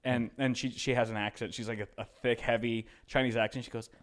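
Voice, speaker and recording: A man co-hosting a podcast in casual, animated, rambling chat. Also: mid-range voice, fast. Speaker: podcast co-host.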